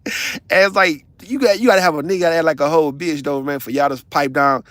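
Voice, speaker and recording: A man, ranting on a casual livestream in a blunt, profane, animated storytelling way. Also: fairly high pitch, fast, no room sound. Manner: blunt, confrontational.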